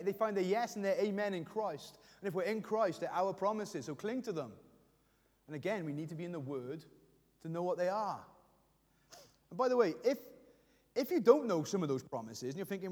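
A man's voice: sits high, animated, fast, darkish tone, big-room sound. A middle-aged man preaching a sermon, emotionally acting out prayers and speaking to the congregation. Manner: emotional, voicing prayers aloud with rising intensity. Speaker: pastor.

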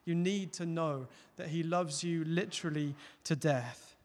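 A man preaching a sermon, earnest, rising to loud emphatic peaks and dropping to soft, close appeals. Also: a little high, a little slow. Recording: long hall reverb.

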